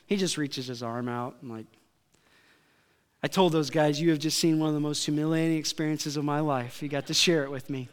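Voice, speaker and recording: Male pastor, slightly higher voice, deliberate and smooth, animated sermon delivery in a church with long reverb. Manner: animated storytelling, acting out quotes, shouting at peaks.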